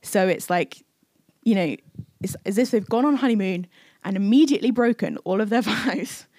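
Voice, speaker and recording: Mellow-voiced woman preaching casually. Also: medium pitch, normal speed, no room sound. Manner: chatty, many fillers, acts out quoted speech. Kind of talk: casual conversational sermon. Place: church service.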